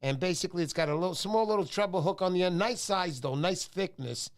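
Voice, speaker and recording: A man's voice: high-pitched, fast talker. A middle-aged man hosting a casual livestream, joking and greeting viewers by name. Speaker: livestream host.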